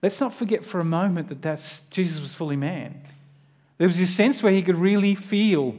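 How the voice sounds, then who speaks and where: A man's voice: high voice, a little fast, darkish tone. A man preaching a sermon in an earnest, conversational way, often turning to the listener with direct questions.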